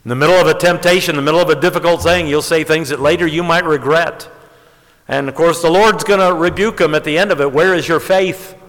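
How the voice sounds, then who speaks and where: A man preaching a sermon, telling stories and rising to emphatic high peaks. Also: quick pace, a bit bright. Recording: long hall reverb.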